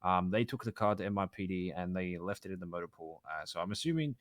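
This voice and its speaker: Man, low voice, rambling, restarts, swearing, in-character roleplay chat, dry sound. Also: fast talker, dry recording. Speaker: roleplay player.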